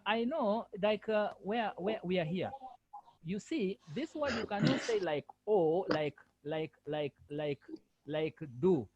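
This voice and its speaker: Man correcting pronunciation in a lively voice. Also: sits high, measured pace, slightly rough, no echo, muffled recording. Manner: repetitive, firm corrections. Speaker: French language lecturer. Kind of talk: online language lesson.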